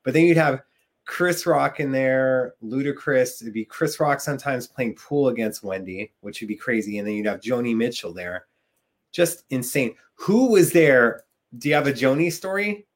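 A man's voice: mid-range voice, expressive, moderate pace. A man hosting a casual interview, enthusiastic as he recalls events and asks questions. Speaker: podcast host.

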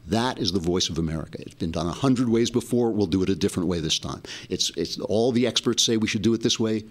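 Low-voiced man hosting an impassioned monologue. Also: quick pace. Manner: impassioned, with frequent restarts. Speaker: host. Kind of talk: monologue commentary.

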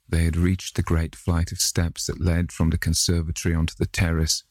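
A man narrating a classic novel in a measured, unhurried reading. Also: low-pitched, monotone, dry recording, clean studio sound. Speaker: audiobook narrator.

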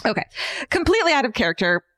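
Animated woman reading a listener email. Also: a little high, rapid-fire, no room sound. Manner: reads aloud with jokey asides, animated. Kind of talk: casual comedic podcast chat.

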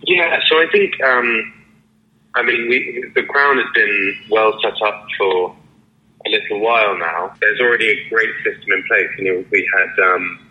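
An actor answering interview questions casually, hesitant with many fillers and restarts. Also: male voice, fairly low pitch, moderate pace. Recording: lo-fi phone-like line.

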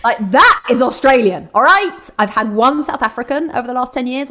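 A woman in her forties with an English accent, a guest in a casual interview, talking in an animated, opinionated way with quick asides. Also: on the high side, a little hiss or hum. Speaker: guest, football TV presenter.

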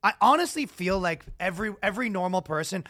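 A man's voice: sits high, quick pace, no echo, studio quality. A man in his thirties co-hosting a podcast in casual, rambling, profane chat. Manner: rambling, profane, animated with loud impressions. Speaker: podcast co-host.

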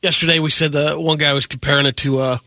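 A man's voice: fairly high pitch, flat delivery, fast, pushed and bright, no room sound. A male radio co-host chiming in casually with short, agreeable remarks. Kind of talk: casual chat.

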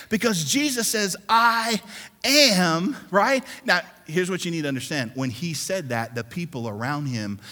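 A man preaching a sermon as a pastor, swinging from loud calls for the crowd to repeat after him to hushed whispers, in a large church hall. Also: a little high. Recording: long reverb of a large hall.

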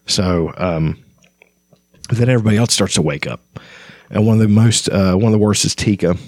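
A man with a very low voice talks through a book in a loose, casual way, full of pauses and restarts. His voice sits close to the mic in a dry setting with no room echo. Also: darkish tone. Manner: conversational with frequent fillers and restarts. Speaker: book discussion host.

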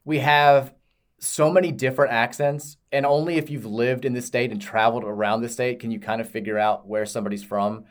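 A man's voice: mid-range voice, steady tone, a little fast. A man in his thirties from Kentucky, co-hosting a casual chat and telling rambling, self-amused stories. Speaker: podcast co-host.

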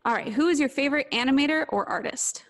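A woman hosting a podcast interview, asking brisk quiz-style questions and laughing often. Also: sits high. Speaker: podcast host. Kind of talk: casual interview.

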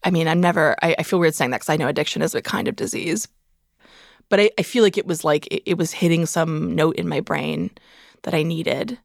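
A woman's voice: low-pitched, fairly quick, vocal fry, no echo, clean studio sound. A woman telling a painful personal story in a candid, conversational way, full of "like" fillers. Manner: conversational, frequent "like" fillers, emotional recollection. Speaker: memoir author, interview guest.

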